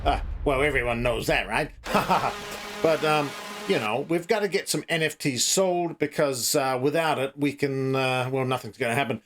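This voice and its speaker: A man's voice: medium pitch, normal speed, over music, natural voice. A man playing a boastful crypto promoter with a put-on slight American accent, rambling through buzzwords with lots of fillers. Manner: rambling, filler-heavy, salesy.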